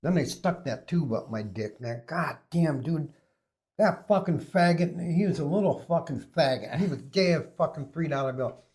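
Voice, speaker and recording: A man's voice: fairly high pitch, expressive, moderate pace, a little mellow. Rambling, foul-mouthed man telling stories. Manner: crude, profane, rambling. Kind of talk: casual storytelling.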